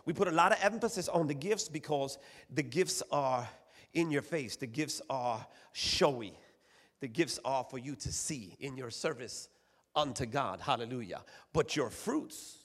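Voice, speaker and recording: Husky preacher in an echoing hall. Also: male voice, on the high side. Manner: preaching with call-outs and repeated phrases. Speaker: pastor. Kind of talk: sermon. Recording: long echo of a church hall.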